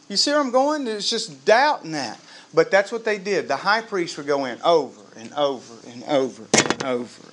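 A man preaching a sermon to a live congregation, lively and humorous, quizzing the crowd. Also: on the high side, moderate pace. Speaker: pastor.

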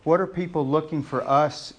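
Man, pastor, sermon, conversational, excitable, fairly high-pitched. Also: moderate pace. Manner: conversational preaching, grows loud and excited when acting out scenes.

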